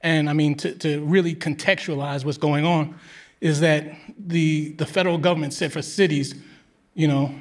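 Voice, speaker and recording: A man explaining the past in a thoughtful, measured way at a live show, often restarting with "I mean". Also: fairly high pitch, steady tone. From Queens, New York. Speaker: panel guest.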